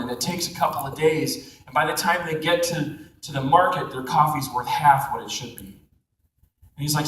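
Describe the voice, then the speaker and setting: Youth speaker, male, bright animated storyteller, recorded far off in an echoey hall. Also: fairly high pitch. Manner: animated, acts out voices in the story. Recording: echoey hall, mic from afar.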